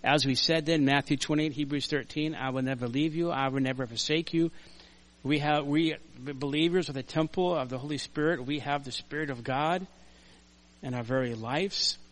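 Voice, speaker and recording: An older man preaching a conversational sermon in a church, earnest and story-driven, dropping to quiet asides and rising to loud emphasis. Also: on the high side, fairly even intonation, moderate pace. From United States. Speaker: pastor. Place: church sanctuary.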